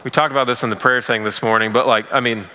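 A man delivering a sermon in a loose, conversational manner, often pausing with "like" and "um". His voice is bright and forward, with a long reverb trailing behind it as if in a large hall. He sits at an ordinary middle pitch for a man. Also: steady tone. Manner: casual, conversational preaching with many "like" fillers. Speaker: pastor.

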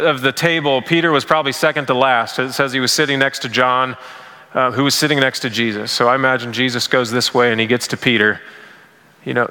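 A man delivering a sermon in a loose, conversational manner, often pausing with "like" and "um". His voice is bright and forward, with a long reverb trailing behind it as if in a large hall. He sits at an ordinary middle pitch for a man. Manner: casual, conversational preaching with many "like" fillers. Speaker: pastor.

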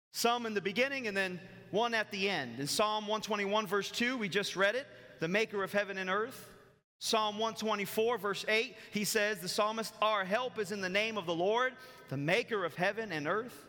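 A man preaching a sermon as pastor, emphatic, with dramatic pauses between phrases. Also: sits high, bright, forceful tone, long reverb tail.

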